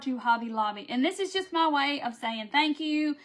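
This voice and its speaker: Chatty high-voiced woman. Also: lively intonation, moderate pace, fairly bright tone. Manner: chatty and affectionate, reads viewer names aloud. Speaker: craft seller hosting a live video. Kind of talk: casual live-stream chat.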